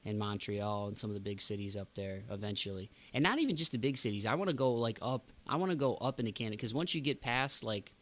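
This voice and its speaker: Lower voiced guy hosting a podcast, ranting and animated, casual chat. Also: fast, hardly any pauses. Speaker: podcast host.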